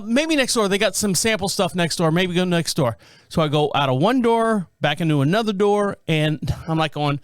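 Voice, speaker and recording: High, smooth-voiced male podcast host. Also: fairly bright tone, no room sound. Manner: rambling anecdotal delivery, acts out quoted people. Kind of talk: casual storytelling monologue.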